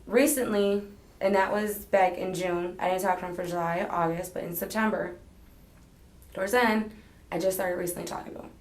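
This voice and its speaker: In an echoey interrogation room, a woman being questioned by police gives a rambling, hedging statement, retelling conversations as she goes. Her voice is fairly low and steady, and she talks a little fast.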